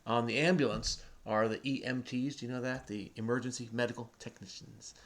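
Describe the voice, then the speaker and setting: A man's voice: mid-range voice, fairly even intonation, a little fast. Chatty guy walking a kid thru a crossword, patient and encouraging, regular voice. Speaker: crossword video host. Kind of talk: casual explaining to a kid while solving.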